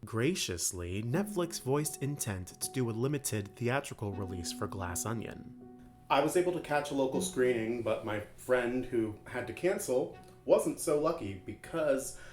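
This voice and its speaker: Dry wry guy narrating a comedy video essay, mid-pitched, guitar music behind. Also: darkish tone. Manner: dry, wry delivery with jokey asides.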